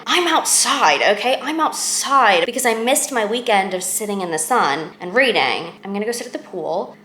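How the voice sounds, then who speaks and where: A young woman vlogging in her apartment kitchen, chatting in a rambling, self-mocking way full of quick asides. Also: medium pitch, fairly bright tone, reverberant, a little hiss or hum. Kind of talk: casual chatty vlog.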